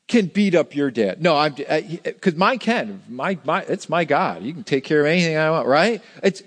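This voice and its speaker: A middle-aged male pastor preaches in a church with a fairly high-pitched voice. He talks to the congregation in a conversational way, pressing his points with emphasis and often restarting his phrases. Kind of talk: sermon.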